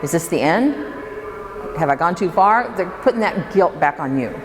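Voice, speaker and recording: Her voice on the low side but expressive, a woman leads a workshop before a live audience at normal speed. She keeps things conversational and poses questions to the listeners, and the hall's echo carries faint room noise.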